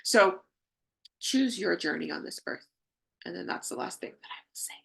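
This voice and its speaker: Hosting a live spiritual healing session, a woman addresses the people in her chat directly in a low voice full of gravelly fry, with a bright, forward edge. She speaks at normal speed, animated, effusive, and affirming.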